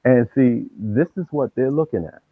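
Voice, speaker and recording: A man's voice: mid-range voice, normal speed, no echo. Streetwise man telling stories on a tinny line. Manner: streetwise slang, animated acting out of quotes. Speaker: live stream host. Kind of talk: casual storytelling. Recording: tinny phone-like dry sound.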